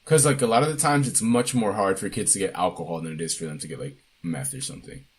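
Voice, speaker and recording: Podcast co-host, young man, low and husky, loose and profane. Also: quick pace. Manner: relaxed, swears freely, animated. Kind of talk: casual chat.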